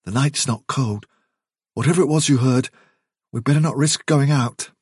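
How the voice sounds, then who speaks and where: A man's voice: medium pitch, moderate pace, darkish tone, husky, no room sound, clean studio sound, pitched above the performer's own voice, lightly acted. A man voicing a young male rabbit leader who speaks in a firm, urgent way.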